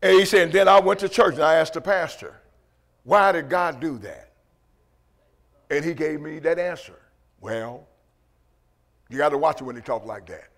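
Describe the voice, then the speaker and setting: Man, preacher, sermon testimony, high voice, emphatic, repetitive fillers. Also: quick pace, hardly any pauses. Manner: emphatic, repetitive "you know what I mean", stammering restarts.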